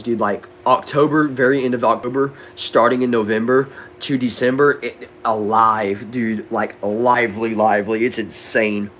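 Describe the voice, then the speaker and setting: A man's voice: mid-range voice, fairly bright tone, slight background noise. Laid-back Southern man chatting with viewers. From Texas. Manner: laid-back, drawling, says bro and dude a lot. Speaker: livestream host reading chat. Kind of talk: casual livestream chat. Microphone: desk microphone.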